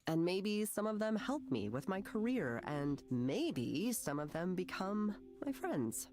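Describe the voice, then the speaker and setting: A woman's voice: on the low side, sing-song, slow pace. A woman voicing an anxious, self-doubting young woman in a video game, speaking nervously and hesitantly. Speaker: game character.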